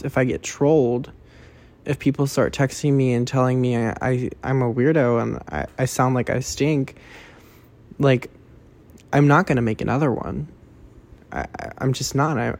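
A man's voice: mid-range voice, a little mellow. A young man hosting his own podcast, rambling casually with stammered restarts, self-deprecating asides and frequent cursing. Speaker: podcast host. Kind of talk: rambling solo podcast chat.

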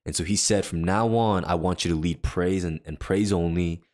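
A low-pitched man with a darkish tone, talking at normal speed, co-hosts a faith podcast. In casual chat he earnestly shares a personal story, acting out what other people said.

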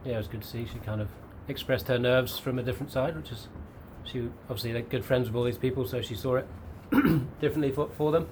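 Man, fast-talking race pundit, faint background hum. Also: medium pitch, a little mellow, low-quality recording. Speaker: downhill racing pundit. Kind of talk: casual chat.

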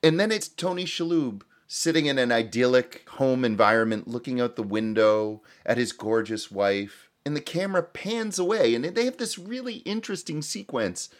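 A man co-hosting a casual podcast, picking apart a film he watched. His voice rises and falls a lot, and he breaks into laughter as he acts out scenes. His pitch sits in the middle for a man. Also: normal speed, few pauses. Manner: animated, laughs often, acts out quotes from scenes. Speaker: podcast co-host reviewing a film. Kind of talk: casual chat.

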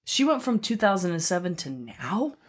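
Low-voiced woman in playful chat. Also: big pitch swings, normal speed, breathy edge. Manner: playful, jokey banter. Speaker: podcast co-host. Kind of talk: casual chat.

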